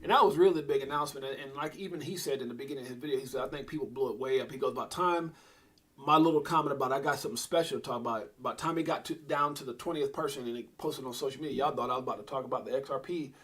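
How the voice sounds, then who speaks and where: Rambling through a casual crypto livestream, this middle-aged host talks at a racing clip in a medium pitch, now and then erupting in loud, excited bursts.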